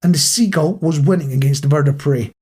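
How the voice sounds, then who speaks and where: Chatty man, husky voice. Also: on the high side, a little fast, a little mellow. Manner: chatty, jokey storyteller. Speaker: podcast co-host. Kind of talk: casual chat.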